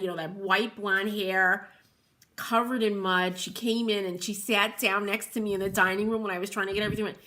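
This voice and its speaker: A middle-aged woman chats on a livestream in a bright, clear voice. She rambles easily, laughs often, and talks straight to her viewers by name. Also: medium pitch. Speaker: host of a furniture painting livestream. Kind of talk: chatty livestream talk to viewers.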